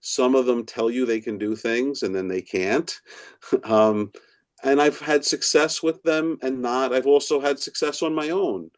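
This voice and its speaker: With a medium-pitched voice and a measured pace, this middle-aged author and professor spins stories as a guest on a podcast. The interview is casual, and he animatedly performs the voices of anyone he quotes.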